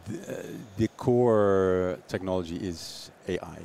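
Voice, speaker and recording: Male founder, very deep voice, halting and hesitant delivery, faint background noise. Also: mellow. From Netherlands. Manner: hesitant, fillers and repeated words. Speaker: startup founder guest. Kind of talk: interview answers.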